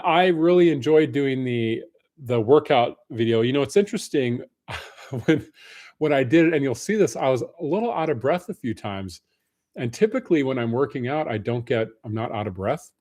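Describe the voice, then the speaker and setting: A man's voice: medium pitch, a little mellow. Man casually hosting a live Q&A. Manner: friendly, greets viewers by name. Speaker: livestream host.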